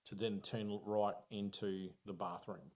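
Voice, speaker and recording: An Australian man telling a spooky personal story on a podcast in a casual, profane, animated way, acting out his own reactions. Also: fairly low pitch, a little slow.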